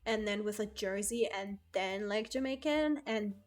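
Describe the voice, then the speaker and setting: A woman's voice: mid-range voice, unhurried, faint music behind. A young woman streamer chatting casually with her viewers, rambling and correcting herself, laughing often. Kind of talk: casual chat with live chat.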